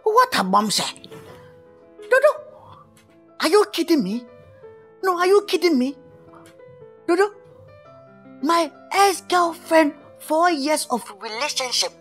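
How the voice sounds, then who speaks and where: A wailing heartbroken musician. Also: male voice, extremely high pitch, slow, pauses often, heavily acted. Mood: indignant. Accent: Nigerian. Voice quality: excitable, wailing, melodramatic. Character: heartbroken young male musician, dramatic and whiny. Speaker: actor. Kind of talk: Nollywood film acting. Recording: light background music.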